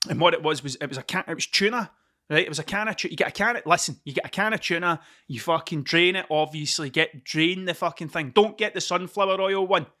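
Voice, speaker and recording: A middle-aged Scottish man talking in a high, bright voice, rambling and swearing freely as he hosts his own podcast. He keeps losing his thread and mocking himself while chatting casually into the camera mic in a cold room at home. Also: quick pace. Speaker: podcast host.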